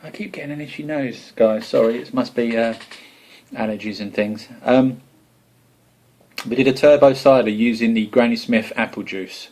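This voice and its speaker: A man's voice: mid-range voice, normal speed, darkish tone. A man with an Essex accent chatting casually to camera about his homebrew, rambling and self-deprecating. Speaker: homebrew vlogger.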